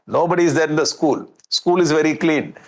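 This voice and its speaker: A man's voice: on the high side, brisk, close to an everyday voice. A man with an Indian English accent voicing a defensive male schoolteacher who pleads, chuckling, that the fault is not his.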